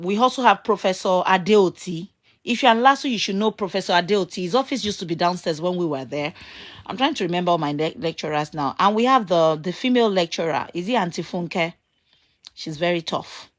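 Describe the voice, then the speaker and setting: Rambling Nigerian woman with a low voice. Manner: rambling, reminiscing, trails off searching for names; grows loud and excited when a memory comes back. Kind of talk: casual monologue to viewers.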